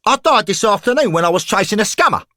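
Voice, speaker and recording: A man's voice: high-pitched, big pitch swings, quick pace, dry recording, clean studio sound, voice pushed up, heavily acted. A man voicing a rowdy, boastful young male football hooligan ghost in an audio story. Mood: brash. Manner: loud, boastful, cocky.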